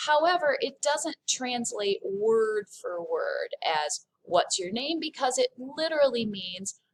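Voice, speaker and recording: A woman French teacher giving a recorded lesson, slowly modeling phrases for students to repeat. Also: on the high side, slight background noise, low-quality recording. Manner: clear, deliberate modeling of pronunciation.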